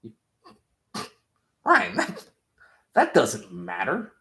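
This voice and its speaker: Man doing a shrill, raging superhero dad. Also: wildly swooping pitch, very slow, gravelly, bright, forceful tone, full character voice. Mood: contemptuous. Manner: shrill, mocking outbursts. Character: volatile, menacing superhero father, man. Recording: roomy echo.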